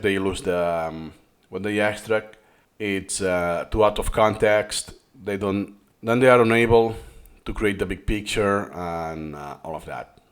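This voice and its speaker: A man who speaks English as a third language, explaining a study method in a reaction-style lesson with frequent restarts. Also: lowish voice. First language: not English. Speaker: course host.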